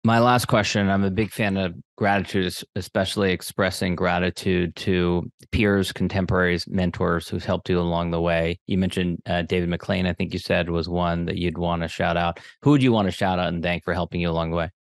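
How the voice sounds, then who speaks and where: A very low-voiced man hosts a podcast interview, asking polite questions with a few fillers. The sound is close and dry, with no room around it. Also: level tone, brisk, gravelly, few pauses, dry recording. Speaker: podcast host.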